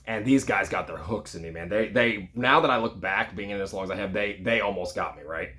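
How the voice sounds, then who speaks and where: A man in his thirties tells a story from his own life in a relaxed, chatty way. He talks quickly and leans on fillers like "you know" and "like." His voice sits a little on the low side. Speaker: real estate agent. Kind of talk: casual personal storytelling.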